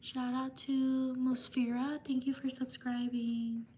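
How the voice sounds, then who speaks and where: A woman hosting a livestream, reading viewers' names for shout-outs in a slow, repetitive way. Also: high voice, little pitch movement, slight background noise. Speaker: livestream host.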